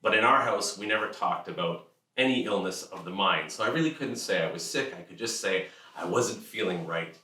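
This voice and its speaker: Deep-voiced man telling an earnest personal story. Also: animated, a little fast, sharp tone, echoey room, distant mic. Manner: earnest, candid, acts out family voices.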